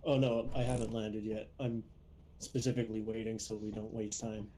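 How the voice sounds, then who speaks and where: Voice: mid-range voice, little pitch movement, normal speed, dark tone, slight background noise. A player in a casual game voice chat who talks in a dry, matter-of-fact way. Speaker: fellow player.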